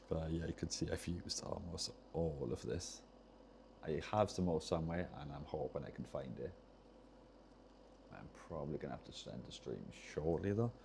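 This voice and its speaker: This controller-repair streamer chats loosely while soldering on a livestream, his thoughts meandering, trailing off, and starting over. The voice is deep, mellow, soft, and creaky, with a light hiss beneath it.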